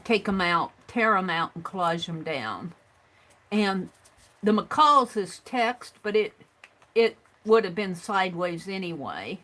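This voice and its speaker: A woman's voice: medium pitch, lively intonation, slow, bright, forceful tone, poor audio. A middle-aged woman chatting casually and rambling as she shows her crafts and reads out viewer comments on a livestream. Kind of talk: casual chat while crafting.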